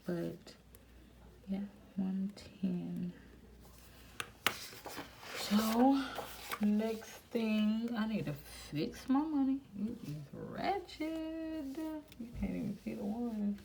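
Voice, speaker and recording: Gravelly woman murmuring cash counts. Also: fairly low pitch. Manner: murmurs counts quietly, chatty asides to viewers. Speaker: budgeting channel host. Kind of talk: casual budgeting vlog, counting cash aloud. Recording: noisy home recording.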